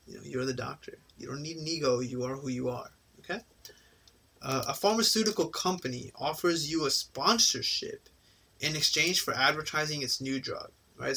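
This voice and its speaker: A man's voice: on the high side, sharp tone. A man giving a casual exam-prep lecture, often tagging "right?" onto his points and briefly acting out the people he quotes. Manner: casual, repeats "right?" to check understanding; acts out quoted people in passing.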